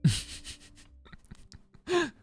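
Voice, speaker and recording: A man's voice: very slow, soft background music. A male streamer chatting casually with his live audience, laughing often, swearing freely, and leaning hard on filler words. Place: home streaming room, Tokyo.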